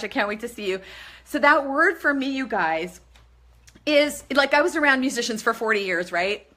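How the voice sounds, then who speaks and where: A middle-aged woman talks on a live stream, gushing over her viewers and greeting each one by name. Her voice is bright and forceful and sits a little high, and she swears casually as she talks.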